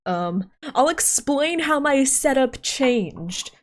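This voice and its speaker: Very high-pitched giggly woman streamer. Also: lively intonation, slow, slight background noise. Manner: giggly and flustered, frequent laughs and self-interruptions. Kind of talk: casual live-stream chat. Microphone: desk microphone.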